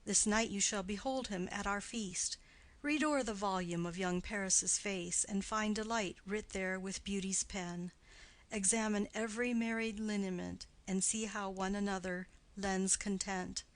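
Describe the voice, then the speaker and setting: A woman's voice: medium pitch, steady tone, a little slow, natural voice. A woman reading as a cool noble mother. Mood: measured. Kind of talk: audiobook play reading.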